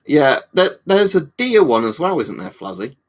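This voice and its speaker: A man's voice: on the high side, sing-song, normal speed. A man hosting a casual livestream, reading viewer comments and rambling with swearing and jokey asides. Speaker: livestream host.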